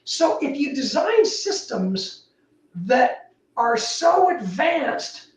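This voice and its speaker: A woman, a building technology entrepreneur, talking as a guest in a casual interview, animated and emphatic with big swings in pitch. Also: drawn-out words. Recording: roomy, distant mic.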